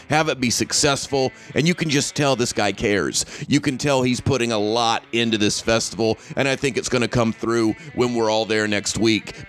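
A man hosts a relaxed interview podcast in a folksy, upbeat way. His voice sits in an ordinary middle pitch, and he jokes and hypes things up as he talks. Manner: folksy, enthusiastic, joking. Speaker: podcast host. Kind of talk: casual interview chat.

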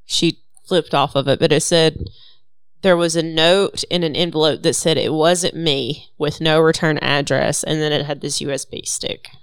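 A woman's voice: low-pitched, steady tone, moderate pace, clean tone, no room sound. A woman in her twenties chatting through a mystery game, wry and jokey. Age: 20s. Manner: jokey, wry, plays with silly voices. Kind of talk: casual group chat.

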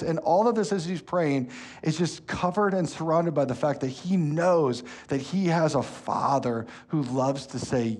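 A man, preaching a sermon as pastor, telling stories with lively energy and turning soft and slow when earnest. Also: a little high, slightly rough. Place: church hall.

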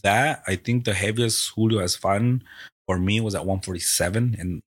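A man's voice: lowish voice, moderate pace. A man who owns a Muay Thai gym and coaches fighters, chatting casually on a podcast, telling stories with swearing and acted-out quotes. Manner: animated storytelling, acts out quoted exchanges, swears freely.

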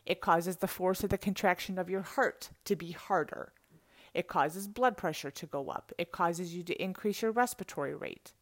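Energetic woman coach, dry sound. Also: on the low side, normal speed, no room sound. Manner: energetic, conversational, laughs often. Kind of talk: motivational talk.

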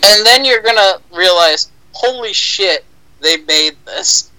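A man's voice: high voice, a little slow, pushed and bright, clear, resonant tone, no echo, low-quality recording. A young man co-hosting a casual podcast chat, speaking in a mock-solemn, insistent way and repeating names for emphasis. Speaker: podcast co-host.

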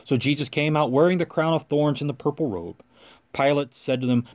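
A man doing a solemn scripture reading with a measured, reverent delivery. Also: on the high side, a little mellow. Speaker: scripture reader.

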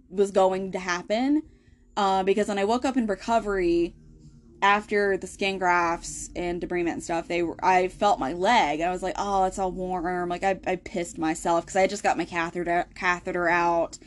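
A young adult woman hosting a podcast, telling a hard personal story in a casual, candid way, swearing freely and laughing through the grim parts. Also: mid-range voice. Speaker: podcast host.

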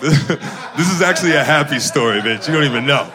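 A man from Northern California doing profane, animated stand-up comedy and laughing at his own lines. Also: on the high side, a little fast, crowd noise.

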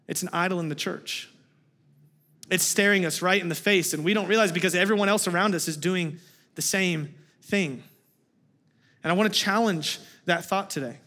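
Bright high-voiced young preacher. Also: male voice. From United States. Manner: storytelling, conversational and animated. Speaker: guest speaker. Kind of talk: sermon. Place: church sanctuary.

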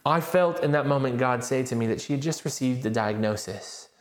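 Male pastor, mid-range voice, animated self-deprecating preacher, roomy church acoustics. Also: medium pitch, a little fast. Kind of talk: sermon with personal story.

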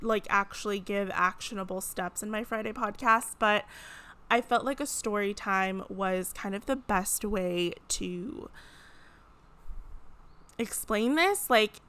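A woman's voice: medium pitch, slow pace, pushed and bright, clear, resonant tone. A young woman hosting her own podcast, chatting casually and playfully with lots of fillers and laughs. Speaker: podcast host. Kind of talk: casual solo podcast chat.

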